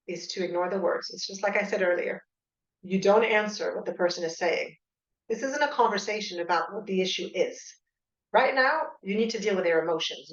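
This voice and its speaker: A woman coach giving a calm, explanatory conference talk to an audience in a school hall. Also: mid-range voice. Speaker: divorce and separation coach. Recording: echoey hall, slightly dull sound.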